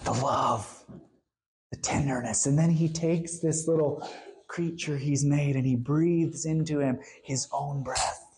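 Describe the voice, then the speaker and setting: Expressive woman preaching a sermon. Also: low-pitched. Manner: expressive, slows down for emphasis and drops to a hush.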